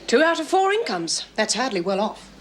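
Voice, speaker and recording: A woman's voice: a little high, big pitch swings, moderate pace, a little hiss or hum. An actress playing a firm, prim female probation officer.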